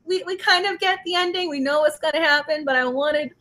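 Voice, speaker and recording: A woman's voice: high voice, a little fast, sharp tone. A woman co-hosting a casual book discussion, gushing and laughing often as she talks. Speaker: book podcast co-host.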